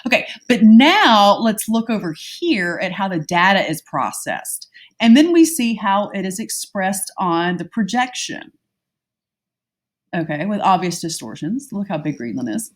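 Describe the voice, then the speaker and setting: A woman's voice: mid-range voice, very animated, a little slow. A young woman, teaching an online exam review lesson from her home in a chatty way, talking straight to her students.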